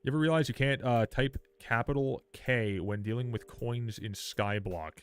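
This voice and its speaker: A young man livestreaming a game, chatting casually with viewers, swearing freely and reacting loudly while reading patch notes aloud. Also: medium pitch, normal speed, clear, resonant tone. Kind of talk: casual live game stream.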